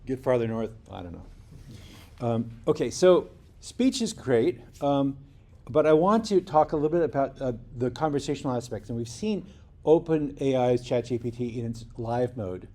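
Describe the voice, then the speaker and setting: A man's voice: medium pitch, expressive, normal speed, dark tone. A man giving a university lecture in a conversational way, often restarting sentences and checking in with the class. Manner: conversational, with restarts and rhetorical "right?". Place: lecture hall.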